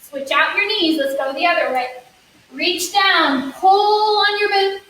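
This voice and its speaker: Very high-pitched woman teaching kids' yoga. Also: unhurried, pushed and bright. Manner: sing-song, encouraging, playful sound effects. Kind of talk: storytelling yoga class for kids. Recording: echoey room, distant mic, faint hiss.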